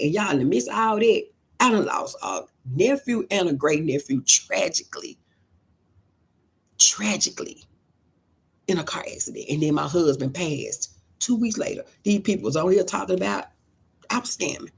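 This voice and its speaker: A middle-aged woman chats on a livestream with a rough, gravelly edge to her voice. Her tone is breathy and husky as she tells emotional, heartfelt stories and answers viewer comments. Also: fairly low pitch, lively intonation, normal speed. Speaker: livestream host. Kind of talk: casual livestream chat, reading viewer comments.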